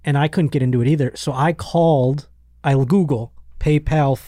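A man in his thirties hosts a podcast from a studio, telling a long story in a casual, animated way. He slips into other people's voices as he goes. The sound is dry and close. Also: on the high side, moderate pace, no room sound. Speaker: podcast host.

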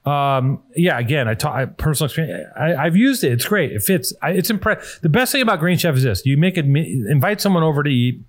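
A man's voice: fairly high pitch, lively intonation, a little fast, hardly any pauses. A man hosting a podcast, telling a rambling, profane story in casual chat and reading an ad. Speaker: podcast host.

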